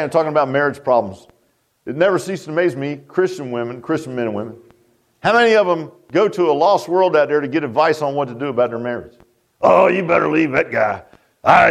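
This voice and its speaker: A middle-aged man preaching a sermon, emphatic and folksy, with many fillers. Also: high-pitched. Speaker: pastor.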